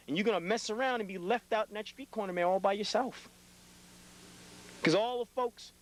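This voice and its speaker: A man's voice: high voice, low-quality recording. A young adult man giving a blunt, impassioned scolding monologue to his community, lecturing hard and often tagging his lines with "man".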